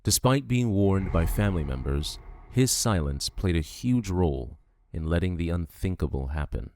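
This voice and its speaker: A man narrating a true crime documentary from a script in a measured, grave delivery. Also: deep voice, expressive, darkish tone, a little hiss or hum.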